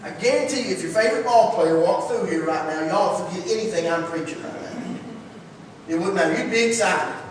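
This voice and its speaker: High-voiced preacher in an echoey church. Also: male voice, brisk, a little hiss or hum. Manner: folksy, energetic, rhetorical questions. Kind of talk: sermon. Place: church sanctuary. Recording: echoey church hall, distant mic.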